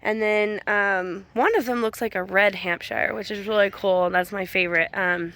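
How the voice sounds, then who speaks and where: A woman's voice: mid-range voice, fairly even intonation, moderate pace, a bit bright. A young woman chatting casually as she films her farm animals, rambling and affectionate. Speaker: farm owner. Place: outdoors on a farm.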